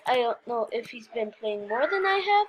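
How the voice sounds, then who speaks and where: A woman giving excitable gameplay commentary, talking straight to viewers and often breaking into squeals and repeated cries. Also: fairly high pitch, normal speed, slight background noise. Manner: talks straight to viewers, frequent "okay, guys". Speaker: gaming video host.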